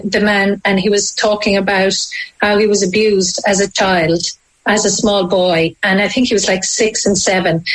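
A woman with an Irish accent, telling a deeply personal story as an interview guest, halting and emotional with frequent restarts. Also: low-quality recording. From Ireland.

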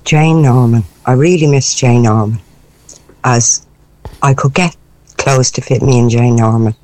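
A woman calling a radio show, speaking in a hesitant, halting way. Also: extremely low pitch, steady tone, a little mellow, low-quality recording. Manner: hesitant, halting, stop-start. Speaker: radio caller. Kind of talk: casual phone-in chat.

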